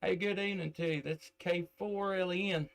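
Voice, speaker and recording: A man's voice: high-pitched, steady tone, a little fast, vocal fry, a bit bright. A man from Tennessee with a Southern accent, chatting on the air as a ham radio operator into a desk microphone, drawling with many fillers. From middle Tennessee. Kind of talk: casual on-air radio contact.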